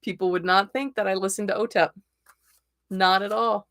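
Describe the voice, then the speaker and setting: A woman's voice: mid-range voice, steady tone, moderate pace, fairly bright tone. A middle-aged woman from Florida, a tarot reader chatting casually on her livestream and laughing often.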